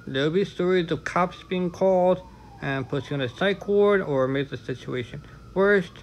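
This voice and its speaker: A man's voice: sits high, moderate pace, dull audio, a little hiss or hum. A man vlogging in a casual talk to camera, frank and candid, with chatty asides.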